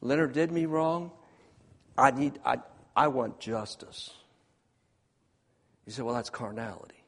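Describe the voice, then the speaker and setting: A man preaching a sermon, swinging between hushed, quiet passages and loud, emphatic ones. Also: mid-range voice, a little slow, long pauses, in a large hall.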